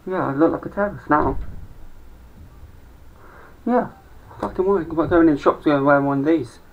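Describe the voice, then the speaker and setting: A man's voice: fairly high pitch, normal speed, vocal fry. A young man rambling through a sweary stand-up monologue with mumbled asides. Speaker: amateur comedian. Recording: dull lo-fi home recording.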